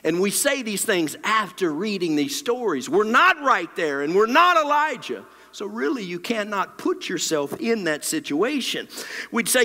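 A man preaching a dramatic sermon into a handheld mic, his voice bright and forceful. He swings from loud, rising lines down to near whispers. His words ring through a big, echoey sanctuary. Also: sits high, sing-song, measured pace. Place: church sanctuary. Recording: long hall reverb.

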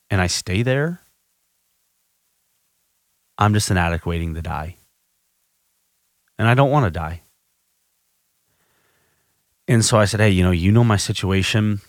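A man's voice: on the low side, measured pace, long pauses, no room sound, clean studio sound. A man hosting a podcast, telling a personal recovery story in a candid, self-reflective way, often restarting his sentences. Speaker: podcast host.

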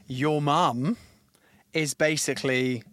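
A man's voice: a little high, fairly even intonation, slow, a bit bright, dry recording, clean studio sound. A young man co-hosting a podcast, explaining things in an easygoing chat. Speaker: podcast co-host. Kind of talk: casual chat.

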